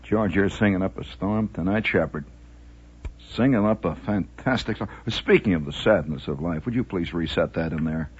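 Brief: deep, raspy man, theatrical late-night radio storyteller, cigar in mouth, muffled vintage broadcast. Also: moderate pace. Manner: theatrical, mock-grand, wry; talking with a cigar in his mouth. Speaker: radio host. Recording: dull lo-fi old radio recording with faint music.

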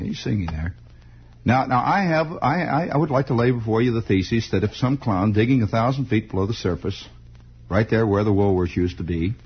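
Wry and mock-grumpy, a man hosts late-night radio with a sardonic, meandering monologue punctuated by sing-alongs. His voice sits on the low side and carries a breathy edge, and the sound is that of a lo-fi vintage radio broadcast.

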